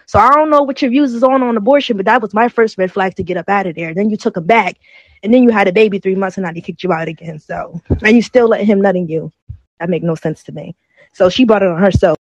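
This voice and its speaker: A man with a high voice weighs in on a podcast in casual talk, blunt and judgmental. The sound is dry and close. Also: fast, dry recording, poor audio. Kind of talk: casual chat.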